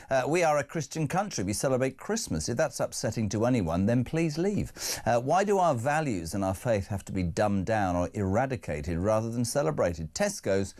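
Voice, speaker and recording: A man's voice: mid-range voice, a little mellow. A man hosting a live breakfast talk radio show, chatty with wry asides while reading out listener messages.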